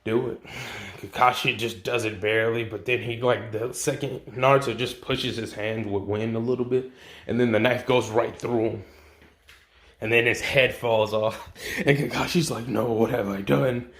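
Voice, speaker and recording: A man loosely retelling a fan-made fight story for his channel, heavy on fillers, slang and swearing. His voice sits at an everyday male middle pitch. The room adds a noticeable echo around him. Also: fairly even intonation, normal speed, a bit bright. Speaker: channel host. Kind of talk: casual storytelling of a fan what-if. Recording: roomy echo.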